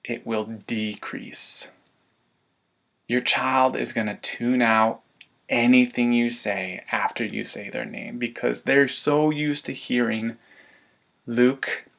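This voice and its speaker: Man, mid pitch, gravelly, upbeat parenting coach who laughs a lot while presenting. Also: slow. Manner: lively, laughs often, acts out parent demands. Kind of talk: webinar presentation.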